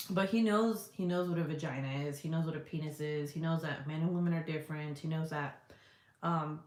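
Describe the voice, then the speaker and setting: A woman in her thirties chats casually on a live stream, blunt and full of swearing, and laughs often. Her voice sits fairly low, and the cold room at home gives it a roomy, echoing sound. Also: a bit bright. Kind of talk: casual live chat, reading viewer comments. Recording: echoey room.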